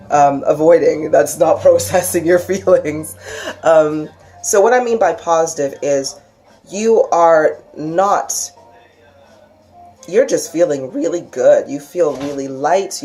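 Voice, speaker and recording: A woman teaching a casual spiritual lesson, talking chattily with many restarts and acting out quoted voices with big jumps in pitch. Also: dark tone. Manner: frequent restarts and laughs.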